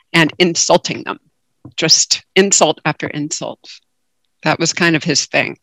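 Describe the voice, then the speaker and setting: A woman giving a calm, reflective dharma talk as a guest meditation teacher over a video call. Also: fairly low pitch, no echo.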